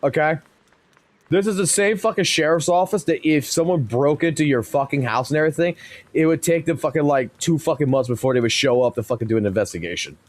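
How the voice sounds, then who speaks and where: A man in his thirties, a live streamer, spins a story in a blunt, heated way with a curse every few words. His voice sits slightly higher than most men's. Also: a little fast. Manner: heavy swearing, blunt and heated.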